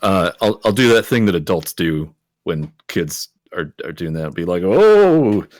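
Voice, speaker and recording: A man playing his character in a tabletop game, relaxed and storytelling. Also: low voice, normal speed, no echo, clean studio sound. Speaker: player. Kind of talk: tabletop role-play.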